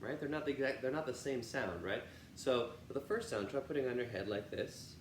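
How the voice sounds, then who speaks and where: A man's voice: mid-range voice, lively intonation, fairly quick. A man teaching an online children's music lesson, with an upbeat, encouraging manner as he talks straight to the kids. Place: music room. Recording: roomy with faint ambient noise.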